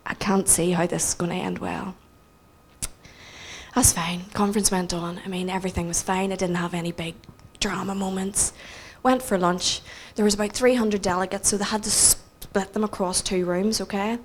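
A woman with a Northern Irish accent telling a story in a sermon, animated and self-mocking, acting out the people she quotes. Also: mid-range voice, normal speed, slight background noise. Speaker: preacher.

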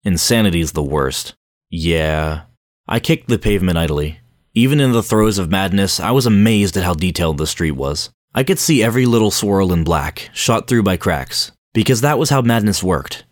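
A man narrating a first-person audiobook, brooding and introspective. His voice sits low, and the recording is dry and close with no room sound. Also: animated, a little fast, dry recording.

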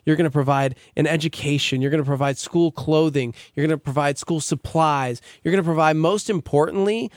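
A man's voice: a little high, fairly quick, few pauses, a little mellow, no room sound, clean studio sound. A man hosting a morning radio show, making an earnest, urgent appeal for donations. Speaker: radio host.

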